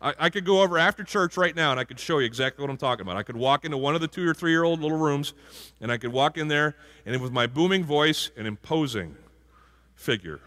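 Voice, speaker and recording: A man's voice: on the high side, lively intonation, fast talker, pushed and bright. A male pastor giving a conversational sermon and asking the congregation questions. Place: church sanctuary. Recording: hall reverb from a church.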